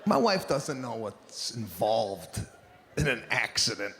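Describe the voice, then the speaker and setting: A man doing stand-up, telling a story in an animated, exasperated way, swinging between loud bursts and mutters. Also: mid-range voice, slow pace, slight background noise. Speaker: stand-up comedian.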